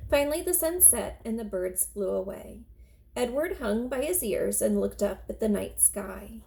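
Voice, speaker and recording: A woman teacher reading a children's chapter book aloud in an expressive, steady storytelling manner. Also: medium pitch, moderate pace, vocal fry, low-quality recording.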